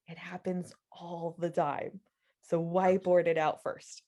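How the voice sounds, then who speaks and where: A woman co-hosting a software lesson, chatty and lightly sarcastic, adding tips. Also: on the low side, flat delivery, a little slow. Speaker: co-host trainer. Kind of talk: screen-share software tutorial.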